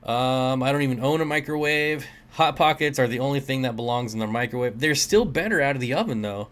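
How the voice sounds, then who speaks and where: A man's voice: mid-range voice, brisk, a bit bright. A man hosting a casual livestream, reading chat comments aloud and joking with viewers, often laughing. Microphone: desk mic.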